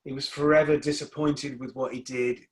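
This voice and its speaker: A man's voice: on the high side, level tone, a little fast. A middle-aged man talking as a guest in a casual interview, rambling and repeating words as he restarts his sentences. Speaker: guest musician.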